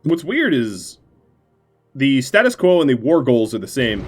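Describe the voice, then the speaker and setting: A man streams a strategy game in casual, playful commentary, with a gleefully mock-villainous edge. His pitch moves about a great deal, while his voice stays at a middle height. Faint game music plays underneath. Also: wildly swooping pitch, normal speed.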